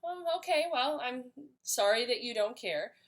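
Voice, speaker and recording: A woman speaks straight to camera as a parenting educator, her voice sitting slightly high. She explains each point in an earnest, steady way and now and then restarts a phrase. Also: a little slow. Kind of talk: instructional talk to camera.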